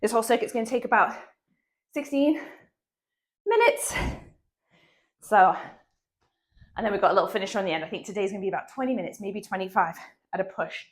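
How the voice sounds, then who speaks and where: A woman's voice: medium pitch, quick pace, long pauses. A woman, coaching a dumbbell workout with upbeat counting and frequent laughs, with a cold in her voice. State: has a cold, slight cough in the voice. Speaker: fitness instructor.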